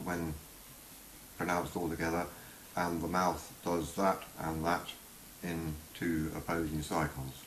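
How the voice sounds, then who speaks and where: Slow deep-voiced man explaining vowels. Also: steady tone, fairly bright tone. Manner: halting, many fillers, demonstrates sounds slowly. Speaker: vowel sound teacher. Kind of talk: unscripted spoken lesson. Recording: roomy with faint hiss.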